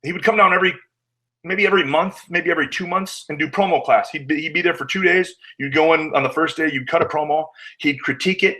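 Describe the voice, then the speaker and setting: A man's voice: a little high, pushed and bright, poor audio. A man, a wrestler guest, telling candid stories in a casual interview, acting out what others said and swearing now and then.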